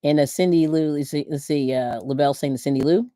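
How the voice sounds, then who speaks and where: A woman's voice: low voice, quick pace, dark tone, no echo, clean studio sound. A middle-aged woman from Pennsylvania hosting a livestream, chatting casually and laughing often as she reads viewer comments. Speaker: livestream host.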